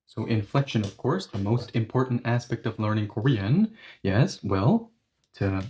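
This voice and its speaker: Mellow-voiced man teaching a lesson. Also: fairly low pitch, animated, measured pace, slight background noise. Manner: emphatic, repetitive, drills example phrases. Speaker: Korean language teacher. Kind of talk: explanatory online lesson.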